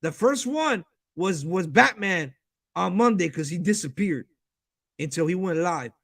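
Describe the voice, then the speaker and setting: A man hosts a fan talk show and rants hard, heated and profane. His voice sits high and gravelly. The sound is dry and close. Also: animated, fairly bright tone, no room sound. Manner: profane, heated, fast-talking rant. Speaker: host.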